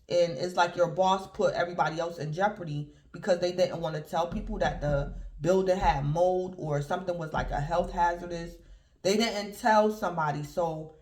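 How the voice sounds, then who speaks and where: Man, tarot reader, casual rambling delivery, high pitch, echoey room. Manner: rambling, keeps addressing listeners as "collective". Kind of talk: casual tarot reading to viewers. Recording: roomy echo.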